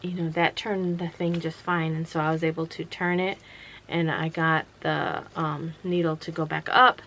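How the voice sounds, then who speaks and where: A woman's voice: deep voice, little pitch movement, normal speed, a bit bright, a little hiss or hum, poor audio. A tired woman chatting casually and rambling at home late at night, with lots of fillers and restarts. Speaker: vlogger running a small sewing business. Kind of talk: casual chat. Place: home workroom.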